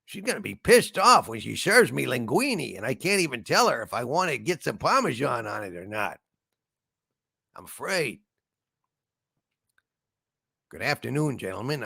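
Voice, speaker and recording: A meandering male spaceship computer, put on by a man, talks like a shambling detective. The voice is gravelly and husky, with a lively pitch. The sound is dry and close. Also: dry recording, full character voice. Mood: polite. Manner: meandering, polite, trails off with "sir". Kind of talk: comedy impression sketch.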